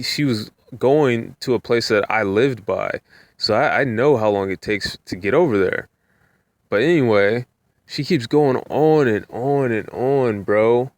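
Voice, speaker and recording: A man's voice: medium pitch, dry recording. A young man and rideshare driver telling a story in a laid-back, casual way, often repeating filler phrases. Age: young adult.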